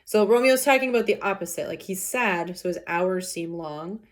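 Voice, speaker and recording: A woman's voice: lowish voice, moderate pace. A woman teacher reading a play aloud and explaining it casually, with many fillers.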